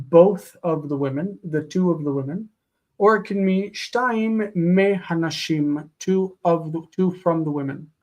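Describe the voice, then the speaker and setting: A man teaching a live online grammar lesson, explaining patiently and slowing down to spell out forms. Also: fairly high pitch, a little mellow.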